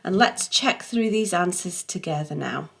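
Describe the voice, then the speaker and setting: A woman's voice: lowish voice, expressive, unhurried, creaky, fairly bright tone. Patient, encouraging middle-aged woman teacher. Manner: patient, encouraging, self-correcting. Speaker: music theory teacher. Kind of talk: online tutorial explanation.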